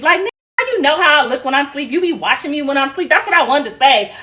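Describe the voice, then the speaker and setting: Woman, middle-aged, high voice, worn-out voice, chatty livestream talk, laughs a lot. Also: very animated, fast, pushed and bright, low-quality recording. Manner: chatty, laughs often, quotes others in put-on voices. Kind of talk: casual chat on a livestream.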